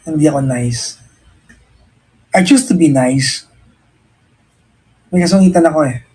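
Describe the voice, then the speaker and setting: In casual chat, a radio host with a Filipino accent gives a listener sincere, reflective guidance on life, switching between English and Tagalog and frequently restarting his sentences. His voice leans high, a bit mellow and breathy, and he speaks a little slowly. The recording is rough.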